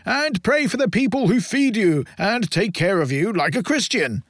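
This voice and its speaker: A gruff, preachy gentleman of a workhouse board lectures a child about saying his prayers, as a male narrator puts him on. The voice sits higher than the reader's own and sounds a touch set back from the mic in a dry storybook reading. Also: expressive, moderate pace, no echo.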